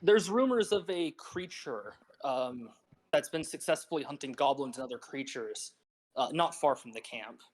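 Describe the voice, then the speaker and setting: A man voicing a measured male camp leader in a tabletop role-play game, speaking in a calm, deliberate and commanding way. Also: mid-range voice, close to an everyday voice. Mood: firm.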